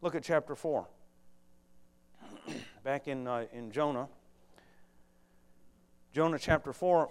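A male preacher delivering a fervent sermon, moving between quiet asides to the congregation and loud exhortation. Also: medium pitch, slow, pauses often, clean tone.

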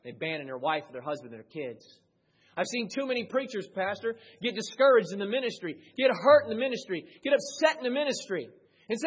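Male pastor mid-sermon; husky, rises to loud high peaks and drops low and quiet. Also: very animated, brisk.

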